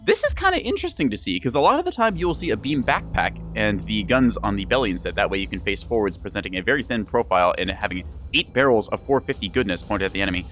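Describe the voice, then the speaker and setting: A young man streams himself commentating a game in a relaxed, rambling way, often laughing and teasing. His voice sits fairly low, but his pitch swings widely as he talks. Faint music plays behind him. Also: fast, few pauses. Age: young adult. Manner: chatty and rambling, with frequent laughs and teasing asides.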